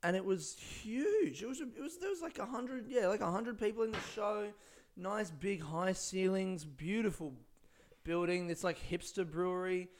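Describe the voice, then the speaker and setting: A man's voice: sits high, normal speed. A young man, a stand-up comedian, rambling laid-back through a casual solo podcast on a close microphone, swearing often.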